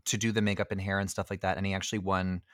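A man co-hosting a podcast, chatting casually about a movie in a chatty, expressive way. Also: sits low, dry recording, studio quality. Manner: chatty and expressive, doing quick impressions. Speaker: podcast co-host. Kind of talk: casual film review chat.

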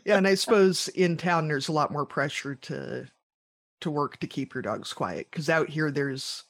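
A man hosting a podcast, chatting in a relaxed, easygoing way. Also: on the high side, moderate pace, no room sound. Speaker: podcast host. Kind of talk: casual interview chat.

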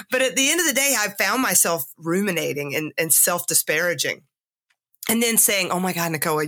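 Bright-voiced woman podcaster, candid and sick. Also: mid-range voice. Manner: candid, confessional, self-mocking asides. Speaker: podcast host. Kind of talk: personal reflective monologue.

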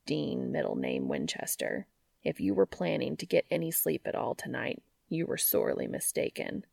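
A woman reading fiction aloud and voicing a grumpy, sleepy adult man in a low, mumbling, deadpan way. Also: normal speed, creaky, no room sound, clean studio sound, full character voice. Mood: teasing.

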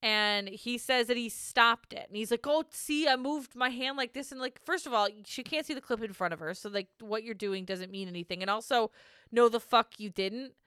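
Bright, crisp-voiced woman recapping bluntly. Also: mid-range voice, moderate pace, no room sound, studio quality. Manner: blunt, profane, laughs often. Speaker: podcast co-host. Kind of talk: casual recap chat.

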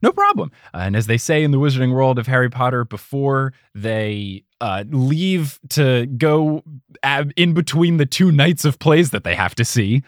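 A man's voice: medium pitch, normal speed, dry recording, studio quality. A man hosting a podcast in casual chat, rambling and joking, often laughing. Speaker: podcast host and editor.

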